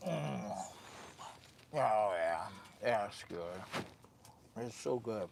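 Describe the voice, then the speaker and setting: Slow-talking gravelly man on a live stream. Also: lowish voice, lively intonation, noisy background. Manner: rambling, jokey, talks to his dog and viewers. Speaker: livestreaming camper and channel host. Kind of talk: casual live-stream chat. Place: tent at a campsite.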